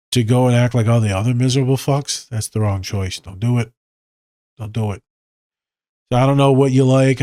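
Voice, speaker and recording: A man hosting a podcast, giving blunt, profane advice and telling animated stories in a casual monologue. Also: mid-range voice, no echo, studio quality. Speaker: podcast host.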